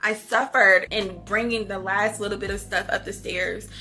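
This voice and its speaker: A woman who vlogs about books shares personal stories with her viewers in a candid, casual way, laughing often and calling them y'all. Her mid-range voice is bright and forceful, with fairly even intonation and a normal pace. Faint music plays behind her, and she isn't from Houston.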